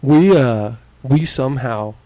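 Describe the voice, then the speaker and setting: A man's voice: medium pitch, takes it slowly, dry recording. A man from Arizona, co-hosting a podcast, telling a story casually and acting out the people in it, swearing freely. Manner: animated, acts out quoted voices, swears freely. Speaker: podcast co-host.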